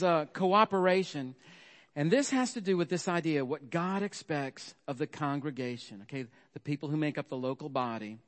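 A man's voice: fairly high pitch, long reverb tail. Chatty preacher man. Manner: chatty, storytelling, frequent "okay?" asides. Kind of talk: sermon.

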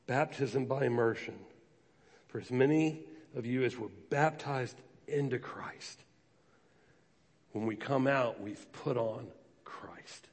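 A man's voice: mid-range voice, slow pace, long pauses, slightly rough. Man preaching in an echoing hall. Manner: storytelling with acted quotes, animated. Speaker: pastor. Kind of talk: sermon. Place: church sanctuary. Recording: long reverb of a large hall.

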